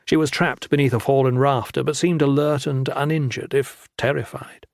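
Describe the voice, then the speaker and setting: A man narrating a fantasy audiobook with steady, dramatic storytelling on a close studio mic. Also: mid-range voice, normal speed, vocal fry, dry recording.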